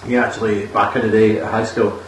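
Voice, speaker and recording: A man's voice: fairly low pitch, flat delivery, fairly quick, slight background noise. A man with a Scottish accent recapping a bad film in casual, sweary chat, acting out the characters in voices. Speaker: podcast co-host. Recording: echoey room, far from the mic, faint ambience.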